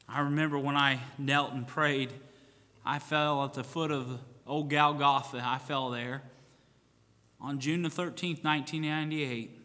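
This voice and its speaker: Bright-voiced pastor preaching in a reverberant church. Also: male voice, mid-range voice. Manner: swings from loud fervent preaching to hushed solemn tones. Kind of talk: sermon. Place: church sanctuary. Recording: long church hall reverb.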